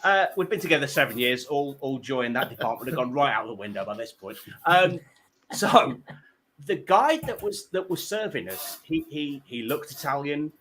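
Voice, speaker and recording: A man's voice: mid-range voice, big pitch swings, normal speed, a bit bright, a little hiss or hum. A man hosting a comedy panel show, telling rambling self-deprecating stories full of stammered restarts.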